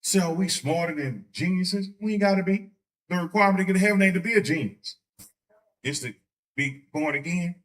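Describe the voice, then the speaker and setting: A man teaching a church Bible study in a casual, joking way, slipping into quick voices to make his points. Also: high-pitched, a bit bright. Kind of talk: conversational sermon. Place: church sanctuary.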